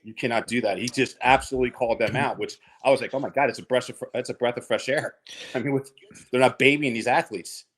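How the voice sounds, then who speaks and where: A man's voice: mid-range voice, fairly even intonation, fairly bright tone, slightly rough. A man calling in to a sports radio show, chummy and talkative, who keeps saying "man.". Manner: fast-talking, chummy, says "man" a lot. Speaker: caller. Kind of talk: call-in sports talk.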